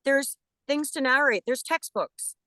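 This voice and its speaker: A woman who is a voice actress, chatting as a guest in an interview with enthusiastic, animated talk and frequent restarts. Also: high voice, unhurried, dry recording. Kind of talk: casual interview chat.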